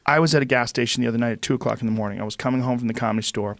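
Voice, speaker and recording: A man's voice: medium pitch, very fast, gravelly, fairly bright tone, dry recording. A middle-aged man hosting a podcast, telling a story casually and profanely, acting out what people said. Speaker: podcast host.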